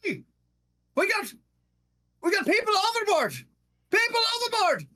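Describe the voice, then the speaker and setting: A man voicing a gnome sailor who shouts an alarm from the deck, high and excited. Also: moderate pace, exaggerated voice.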